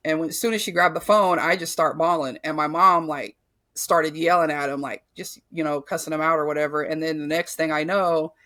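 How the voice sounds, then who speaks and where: A woman's voice: low voice, steady tone, brisk, fairly bright tone. A woman guest on a podcast, telling a painful personal story candidly and bluntly, with frequent swearing and filler words.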